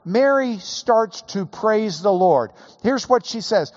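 A man preaching a sermon, slow and emphatic, building to raised emphasis on key points. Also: high-pitched, lively intonation, dry recording, lo-fi sound. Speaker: pastor.

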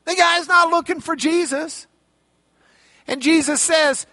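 A man preaching a sermon, retelling a Bible story with animated storytelling and playful character voices. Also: very high voice, a little slow, no echo.

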